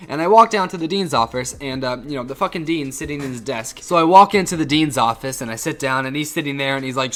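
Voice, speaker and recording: A man's voice: medium pitch, quick pace, hardly any pauses. A teenage boy telling a casual, rambling storytime vlog, with lots of swearing and frequent restarts. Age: teens. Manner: rambling, profane, restarts often. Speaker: YouTuber and high school student.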